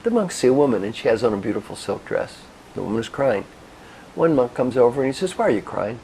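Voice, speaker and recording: A male motivational speaker guides listeners through reflection and tells stories, shifting between soft pauses and firm instruction. His voice has a gravelly texture and moves through a lively, animated pitch range. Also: slight background noise, poor audio. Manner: expressive, directive, with soft pauses. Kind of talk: guided reflection and storytelling talk.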